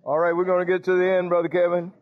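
A man's voice: high voice, monotone, very fast. A male pastor, preaching a sermon in a folksy call-and-response manner, laughing often. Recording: tinny phone-like church recording.

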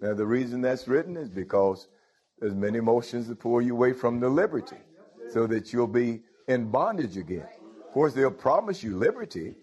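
A man's voice: medium pitch, lively intonation, normal speed, darkish tone, lo-fi sound. A man preaching a sermon, breaking in with "Hallelujah" and "Thank you, Lord" and putting questions straight to his congregation. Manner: calls out to the congregation directly.

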